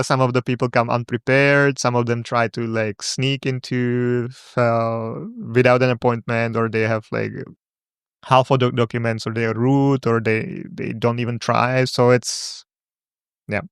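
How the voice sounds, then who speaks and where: A man co-hosting a podcast in casual chat, talking in a measured, hesitant way with frequent fillers. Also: medium pitch, little pitch movement, smooth, no room sound, studio quality. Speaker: podcast co-host.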